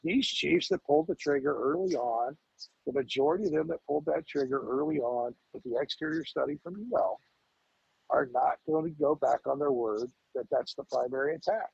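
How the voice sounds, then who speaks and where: A man's voice: fairly high pitch, brisk, vocal fry, darkish tone, husky, no room sound, muffled recording. A man in his fifties, a fire lieutenant guest on a podcast, talking emphatically, repeating words and firing off rhetorical questions. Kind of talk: podcast interview.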